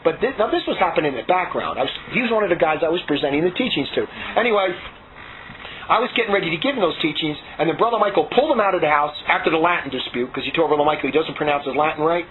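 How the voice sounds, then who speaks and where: A man giving a rambling spoken testimony, repeating himself and restarting his sentences in excited bursts. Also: a little high, very fast. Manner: repetitive, restarts often, excitable. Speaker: former monastery resident giving testimony. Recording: tinny phone-like audio with faint hiss.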